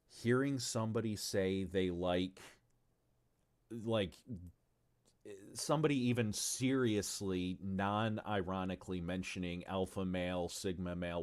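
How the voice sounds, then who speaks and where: A game designer talks casually on a livestream about the tabletop game he's making, rambling, swearing freely, and stumbling often into asides. He has a low, slightly mellow voice.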